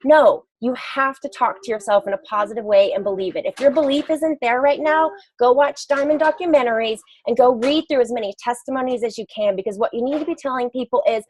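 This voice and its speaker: Lady hosting a group call, fairly high voice, earnest and encouraging pep talk. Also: brisk, hardly any pauses, a little mellow, poor audio. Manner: earnest, encouraging, self-described scattered. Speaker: call host.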